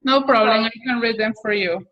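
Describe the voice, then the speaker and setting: A woman's voice: a little high, brisk, a bit bright, dull audio. A woman English teacher running an online class over a video call, patiently calling on students by name.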